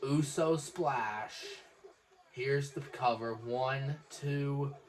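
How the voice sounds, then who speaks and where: Man giving quick excitable wrestling play-by-play. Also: medium pitch. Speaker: wrestling watch-along host. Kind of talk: casual live reaction commentary.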